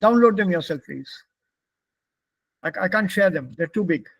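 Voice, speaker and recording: A man's voice: high-pitched, animated, normal speed, gravelly, a bit bright, breathy edge, no echo, poor audio. A man from India with an Indian English accent, teaching a German pronunciation class and patiently repeating words for his students.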